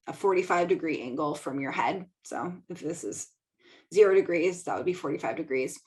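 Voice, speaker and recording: Young Midwestern woman host, low-ish voice, casual and giggly, lots of fillers. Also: low-quality recording. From American Midwest. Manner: chatty, giggly, filler-heavy. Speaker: podcast host. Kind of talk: casual solo talk. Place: home studio.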